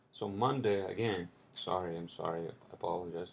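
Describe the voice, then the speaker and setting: Solo podcast host, male, very low and gravelly, loose and rambling with frequent swearing, faint hiss behind. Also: normal speed. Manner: rambling, profane, heated when ranting. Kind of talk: casual solo podcast monologue.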